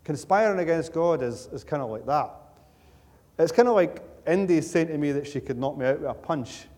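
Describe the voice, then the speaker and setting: A man's voice: fairly high pitch, animated, normal speed, a little mellow. A man preaching a sermon in a conversational, joking storytelling manner, with emphatic repetition. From Scotland. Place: church sanctuary. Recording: church hall with long reverb.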